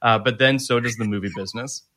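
A man's voice: mid-range voice, fairly even intonation, quick pace, sharp tone. A man co-hosting a podcast in casual chat, laughing often and swearing casually as he talks and reads a synopsis. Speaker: podcast co-host.

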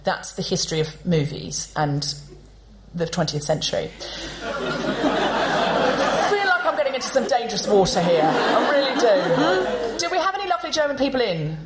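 A woman hosting a comedy podcast on stage, telling a story to a live audience in an animated, chatty way and acting out the people in it. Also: on the high side, moderate pace, over a noisy crowd, heavy background noise.

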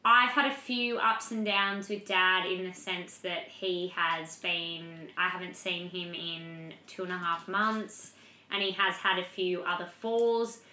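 A woman in casual personal chat, supportive and reflective, speaking gently. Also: lowish voice, fairly even intonation, measured pace, reverberant, poor audio.

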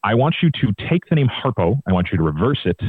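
A man from the Chicago area telling a rambling local story in casual chat, with many pauses and fillers. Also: lowish voice, sing-song. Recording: tinny phone-like remote line.

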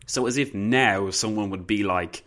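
A man's voice: on the low side, moderate pace, a bit bright. A man giving casual, sarcastic and self-mocking commentary on his own podcast. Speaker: podcast host.

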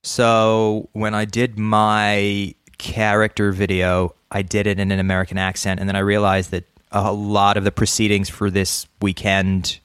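A man's voice: on the low side, monotone, unhurried, hardly any pauses, a bit bright, clear, resonant tone, no echo, clean studio sound. A man chatting casually as a podcast co-host, laughing often and repeating words. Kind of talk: casual chat.

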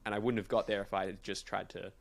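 A man's voice: on the low side, level tone, fast, creaky. A man hosting a casual podcast about writing, talking in a friendly, reflective way. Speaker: podcast host.

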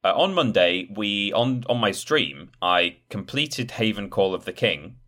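Deep-voiced man, bright tone. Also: lively intonation, a little slow. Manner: chatty, meandering, self-correcting. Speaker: podcast co-host. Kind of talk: casual chat.

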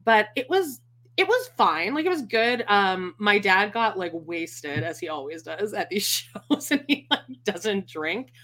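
Bright-voiced woman podcast host, swearing casually. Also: mid-range voice, lively intonation, measured pace. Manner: chatty, swears freely, laughs often. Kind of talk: casual chat.

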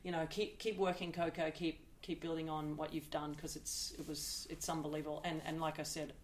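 Low-voiced woman, chatty ex-player. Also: little pitch movement, a little hiss or hum. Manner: chatty, emphatic, quick to joke. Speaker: podcast co-host; former serve-and-volley tennis player. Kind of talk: casual chat.

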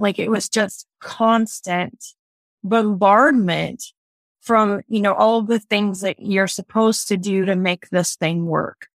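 Earnest woman with a gravelly edge. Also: mid-range voice, slow, dry recording. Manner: reflective, earnest, speaks in lists. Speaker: podcast guest, business owner. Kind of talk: casual interview talk.

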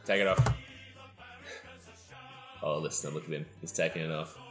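A man's voice: extremely low pitch, steady tone, normal speed, over music. Jokey young Australian man, roomy sound. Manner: jokey, teasing, sweary. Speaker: podcast co-host. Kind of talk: casual chat.

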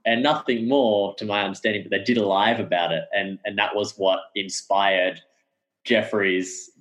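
A man's voice: fairly low pitch, steady tone, normal speed, a bit bright, low-quality recording. A man as a podcast guest, talking in a rambling casual way with many fillers. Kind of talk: casual chat.

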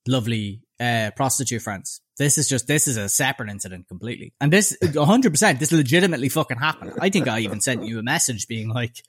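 A man's voice: mid-range voice, fast talker, few pauses, husky. Profane, sardonic young Dublin man. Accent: Dublin Irish. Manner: animated, profane, sardonic anecdote-telling with voiced quotes. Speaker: podcast co-host. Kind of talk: casual storytelling chat.

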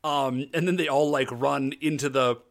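A man in casual podcast chat, recapping a TV show and acting out the characters in quick voices. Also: medium pitch, fairly even intonation. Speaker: podcast co-host.

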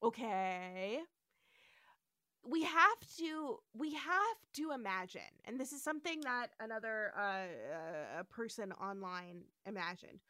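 A woman hosting a podcast, recapping an episode in a casual, animated storytelling style. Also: on the high side, a little slow, no echo, clean studio sound. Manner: animated storytelling with frequent voices and laughter. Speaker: podcast host.

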